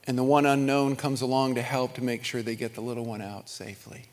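A middle-aged man preaching a sermon, telling stories in a conversational, animated way with chuckles and restarts. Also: medium pitch, a little fast, in a large hall. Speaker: pastor.

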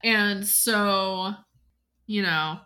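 A woman's voice: mid-range voice, bright, forceful tone. A woman co-hosting a podcast, chatting casually and giggling as she recaps a musical. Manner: giggly, quick, acts out bits of scenes in chatty voices. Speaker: podcast co-host.

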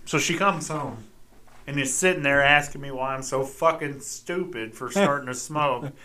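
A man co-hosting a podcast who tells childhood stories in a casual, animated way and swears freely. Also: mid-range voice, moderate pace. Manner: animated, profane storytelling. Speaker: podcast co-host. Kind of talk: casual chat, storytelling.

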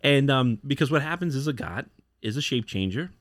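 Male podcast co-host, mid-pitched, dry close sound, loose chatty retelling. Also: animated, a little fast, no echo. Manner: rambling retelling with acted-out quotes. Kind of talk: casual chat.

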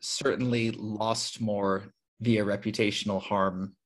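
A husky, slightly low American man speaking as a podcast guest. He talks frankly and with energy, slipping into quoted voices to act out what others said. It comes across as relaxed, casual interview talk. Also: slow. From United States. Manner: frank and animated, acting out quoted people. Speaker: podcast guest, author and publisher.

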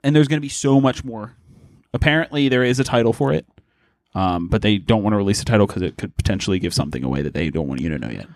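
A man chatting casually on a gaming podcast, animated and profane, acting out what others said in mock voices. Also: lowish voice, quick pace, dry recording, clean studio sound. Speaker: podcast co-host.

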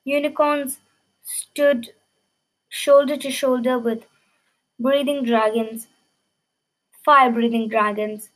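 High-pitched woman reading a children's story in lively first person; light stumbles, read-aloud tone. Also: slow pace, pauses often, poor audio.

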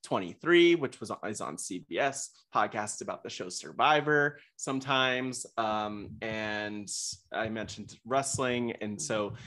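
A man's voice: fairly low pitch, unhurried, few pauses, fairly bright tone. A young man talking as a podcast guest, eager and rambling, with frequent restarts and fillers. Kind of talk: casual interview chat.

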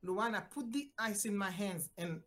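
An older woman from Haiti, a physician guest telling a personal story with lively voiced-out quotes and big swings in pitch. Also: normal speed. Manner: animated, acts out voices with big pitch jumps.

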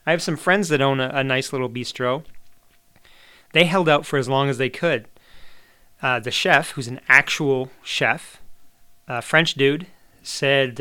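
A man's voice: medium pitch, unhurried, pauses often, pushed and bright, smooth. A middle-aged man hosting a podcast, talking in a chatty, opinionated monologue and swearing casually. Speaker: podcast host.

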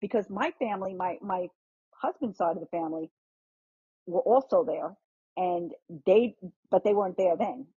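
Middle-aged woman, very husky and mellow, animated storyteller, dull lo-fi podcast audio. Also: lowish voice, normal speed, long pauses, no echo. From New York. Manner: animated, swears casually, restarts a lot. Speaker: guest host. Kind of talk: casual storytelling chat.

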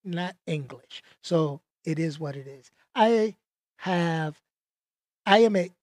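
A man hosting his own podcast, talking in a casual, animated rant full of slang and stammered restarts. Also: a little high, takes it slowly, no room sound, clean studio sound. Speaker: podcast host.

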